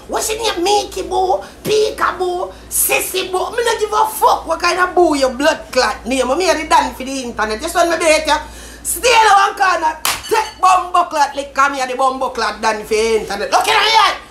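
Loud Jamaican woman ranting. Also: extremely high pitch, expressive, moderate pace. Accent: Jamaican Patois. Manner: loud, cursing, taunting, mocking. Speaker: social media commentator. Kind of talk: heated social media rant. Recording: echoey room with faint noise.

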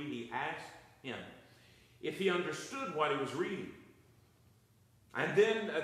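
A man preaches at a Wednesday night Bible study, his voice pitched slightly high. He swings his emphasis up and down through each sentence, and the church room around him rings with heavy echo. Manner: preaching with rising and falling emphasis. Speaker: pastor.

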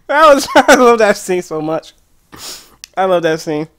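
A man chatting casually on a live game stream from home, animated and excitable, often laughing. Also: high voice. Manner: animated, excitable, often laughing and breaking into movie-line impressions. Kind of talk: casual live-stream chat while playing.

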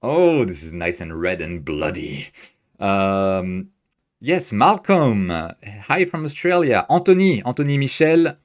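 Speaking from his home desk in Tokyo, this man has a fairly low, sing-song voice and an unhurried delivery. He's running a live astrophotography stream, talking through his screen work as he goes and reading and answering chat with good cheer.

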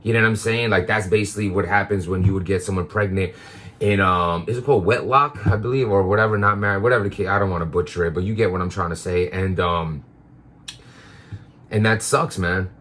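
A man's voice: deep voice, fairly quick, a bit bright. A man talking in a casual confessional monologue, rambling with lots of fillers and restarts. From Queens, New York. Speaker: vlogger.

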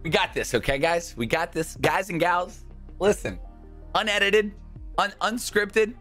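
A man hosting a gaming video, giving live gameplay commentary in an excitable way that jumps from calm chatter to high yelps. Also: a little slow, soft background music.

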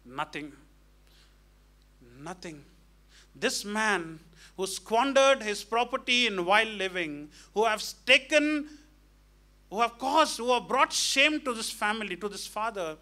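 A man's voice: sits high, animated, slow, bright, forceful tone. A male pastor preaching a sermon emphatically, questioning the congregation and acting out the characters of a parable. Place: church hall.

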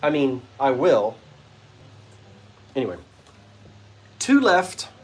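A man with a husky, medium-pitched voice speaks slowly, his pitch swinging widely. He's running a vintage-goods live stream from the front porch of an old bungalow at sunset, joking and chatting casually and playfully with his viewers.

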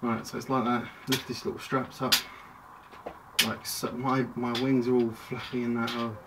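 A man talks through a toy review in a loose, chatty ramble, breaking off mid-thought and circling back. He is recorded from a distance at home, with clear background noise and plastic clicks under his voice. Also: medium pitch, level tone, normal speed. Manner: rambling, chatty, self-interrupting. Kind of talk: casual toy review vlog.

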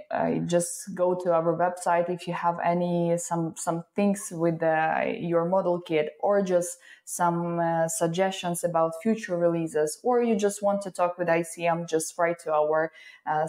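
A woman speaks as a guest in an interview. Her English is careful and hesitant, with pauses to find words. Her voice sits on the lower side. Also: flat delivery, mellow. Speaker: company representative, guest. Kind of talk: interview answers.

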